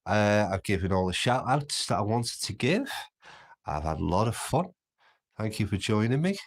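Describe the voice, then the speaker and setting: A man with a Scouse accent hosts a relaxed livestream, reading viewers' comments aloud and chatting back. His voice sits a little low, and he talks in a loose, friendly way with quick laughs and plenty of restarts. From Birkenhead, England. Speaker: livestream host. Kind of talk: casual live chat reading comments.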